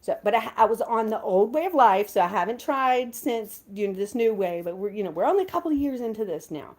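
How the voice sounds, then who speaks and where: A woman, hosting a casual livestream, chatting with viewers and greeting them with bursts of excitement. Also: on the high side, a little fast. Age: 50s. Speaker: livestream host.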